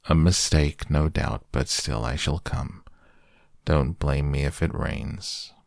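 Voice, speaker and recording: A man voicing a gloomy, self-pitying old male donkey who talks in a slow, mournful, sarcastic way in a storybook reading. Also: extremely low pitch, creaky, no room sound, studio quality, exaggerated voice.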